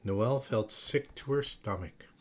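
A man reading a children's picture book aloud in a slow, expressive storytelling manner. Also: fairly low pitch. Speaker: storybook reader.

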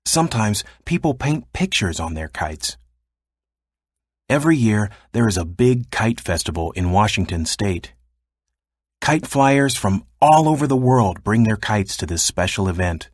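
Husky man reading a kids' nonfiction book. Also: lowish voice, very animated, measured pace, no room sound, clean studio sound. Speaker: narrator. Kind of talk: children's nonfiction read-aloud.

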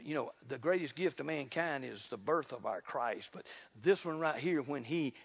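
Fervent preacher in a reverberant hall. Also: male voice, medium pitch, expressive, moderate pace, creaky, breathy edge. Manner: fervent, builds to loud exclamations; folksy, repeats "look here". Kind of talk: sermon. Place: church sanctuary.

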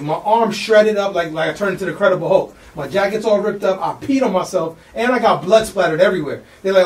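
A man, telling a wild story as a podcast guest, slangy and excited, acting out the people in it. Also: high voice, fast talker, roomy sound, recorded from a distance. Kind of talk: animated storytelling.

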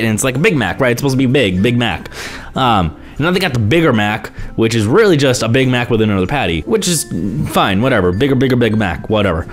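Young dude ranting into his vlog cam, swears a ton, voice jumps all over, faint music behind. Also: medium pitch. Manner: profane, animated ranting with exasperated asides. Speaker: vlogger.

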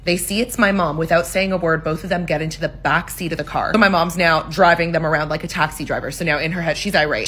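A woman's voice: fairly low pitch, bright, forceful tone, husky. A woman telling a juicy storytime in casual, gossipy fashion, acting out every line of dialogue and swearing freely.

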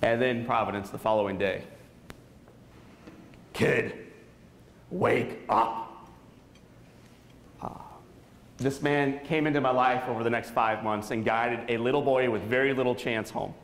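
A man's voice: mid-range voice, a little fast. Storytelling man in an echoey hall. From Saint Louis area. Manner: dramatic storytelling, quizzing the audience. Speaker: motivational speaker. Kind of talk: inspirational keynote speech. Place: school auditorium.

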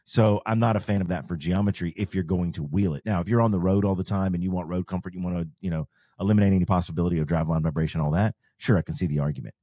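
Speaking very fast in a low, dark voice, a man who co-hosts a podcast and owns an off-road shop explains off-road parts step by step in a casual advice chat. The studio recording is clean, with no echo.

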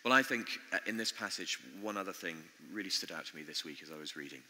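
A man preaching a sermon in an earnest, conversational way, pausing often as he speaks in a church. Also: low voice, lively intonation, bright, forceful tone. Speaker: pastor. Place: church building. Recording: long church reverb.

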